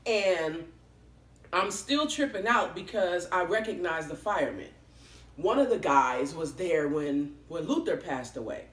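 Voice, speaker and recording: A woman vlogger tells a story casually, with a lively, swooping pitch and frank, salty language. Her voice bounces around an echoey room at home. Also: unhurried. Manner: animated, expressive, swears freely.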